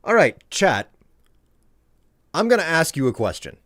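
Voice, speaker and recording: A man's voice: on the high side, sing-song, unhurried, fairly bright tone, dry recording, clean studio sound. A man chatting casually to his live-stream chat while he plays, rambling and joking. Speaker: game streamer.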